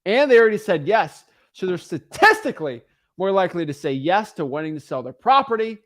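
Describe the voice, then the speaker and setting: A young man teaches cold calling on a live stream, hammering each point with blunt repetition. His voice sits somewhat high for a man, and he leans hard on every key phrase. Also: sing-song, a little fast, fairly bright tone. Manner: emphatic, repetitive, acts out callers' voices. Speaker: real estate wholesaling coach.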